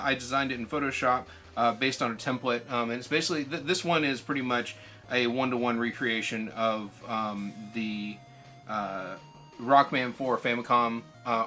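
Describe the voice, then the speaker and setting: A man with a mid-range voice hosts a video channel, walking through a casual how-to tutorial. He's relaxed and chatty, with plenty of ums and uhs.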